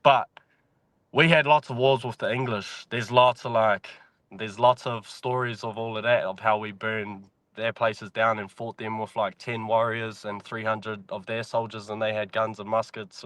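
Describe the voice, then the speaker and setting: A New Zealand mine worker guests on a podcast for a casual, laid-back chat full of swearing, in a New Zealand accent. His voice is lowish but fairly bright in tone, with no room sound.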